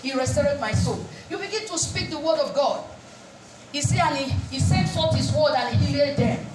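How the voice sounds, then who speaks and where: A woman with a high-pitched, animated voice preaches at normal speed, asking the congregation questions and saying "praise God" repeatedly between points. It was captured in an echoey room on a distant mic, with faint music in the background.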